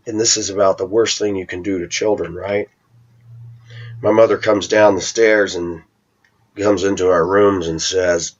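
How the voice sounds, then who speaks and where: Male vlogger, low husky voice, lively storytelling, dull lo-fi sound. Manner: animated retelling, acting out voices. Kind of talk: casual storytelling monologue. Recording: dull lo-fi home recording.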